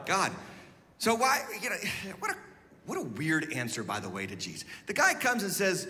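Male pastor, high bright voice, animated sermon with shouts and hushed asides, reverberant hall. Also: unhurried, slight background noise. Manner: animated, swings from shouted emphasis to hushed asides, leads call-and-response.

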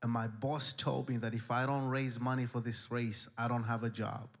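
A male pastor preaching a sermon, telling a story with humor and lively animation. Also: medium pitch, moderate pace.

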